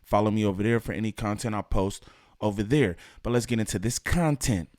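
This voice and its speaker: A man's voice: fairly low pitch, fairly quick, no room sound, studio quality. A man hosting a reaction video, chatting casually and in slang, speaking straight to his viewers. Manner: animated, slangy, talks to viewers. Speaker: reaction channel host.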